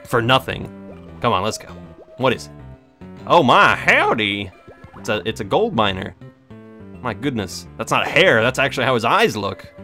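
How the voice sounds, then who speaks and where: A man's voice: mid-range voice, lively intonation, moderate pace, pushed and bright, faint music behind. A young man giving casual, jokey gameplay commentary with sarcastic, rambling asides. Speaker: let's play host.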